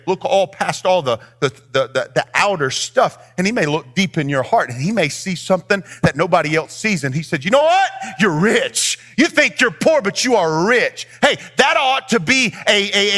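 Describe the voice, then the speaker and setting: High, animated preaching man. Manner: preaching with rising sing-song emphasis; speaks to the congregation directly. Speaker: pastor. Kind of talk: sermon. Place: church.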